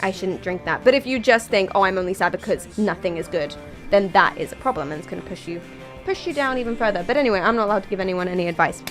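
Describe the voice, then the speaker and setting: A young British woman chats with her viewers during a game stream, drifting from one tangent to the next with jokes along the way. She sounds tired but keeps talking in an easy, mid-pitched voice. Faint game music plays softly underneath. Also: expressive, very fast. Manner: rambling, tangential, jokey. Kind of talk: casual chat with viewers while gaming.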